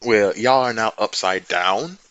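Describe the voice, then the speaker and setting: A man's voice: lowish voice, a little slow, fairly bright tone, smooth, no room sound, lo-fi sound. Easygoing man running a game. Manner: easygoing, laughs often. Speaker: game master. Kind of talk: narrating a tabletop game.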